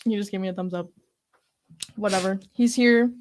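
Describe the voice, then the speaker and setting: A woman co-hosting a podcast in casual chat, talkative and expressive, with lots of "like" and "you know". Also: mid-range voice, normal speed, slight background noise. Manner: chatty, fills talk with "like" and "you know"; expressive, gasps and laughs while talking. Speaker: podcast co-host.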